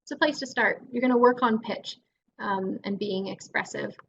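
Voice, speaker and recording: A woman's voice: a little high, moderate pace, creaky, fairly bright tone, muffled recording, slight background noise. A Canadian woman speech-language pathologist leading a guided voice exercise class in an encouraging way. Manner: encouraging, demonstrates vocal drills.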